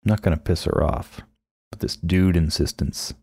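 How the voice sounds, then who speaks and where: A man's voice: low-pitched, normal speed, gravelly, darkish tone, husky. A man co-hosting a podcast, chatting casually about a film and acting out lines in playful voices. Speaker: podcast co-host. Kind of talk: casual film commentary chat.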